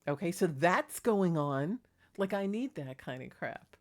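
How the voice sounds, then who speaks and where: A woman's voice: on the low side, lively intonation, unhurried. A middle-aged woman on a small clip-on mic, telling a neighborhood story in a chatty, indignant gossip vlog. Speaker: vlogger. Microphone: clip-on microphone.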